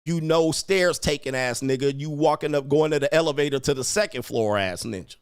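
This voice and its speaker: A man's voice: mid-range voice, moderate pace, smooth, no echo, studio quality. A man hosting a livestream, ranting at commenters in a brash, profane, taunting way and laughing at them. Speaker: livestream host reading chat.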